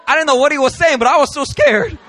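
A man preaching a sermon as a pastor, telling a story in an animated way, acting out the people he quotes and laughing as he goes. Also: very high voice, fast talker, gravelly. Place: church hall.

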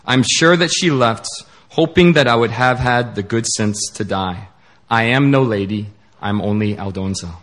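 A man's voice: medium pitch, moderate pace, a bit bright, natural voice. A man voicing a bitter, self-hating young woman outcast with sarcastic, anguished outbursts.

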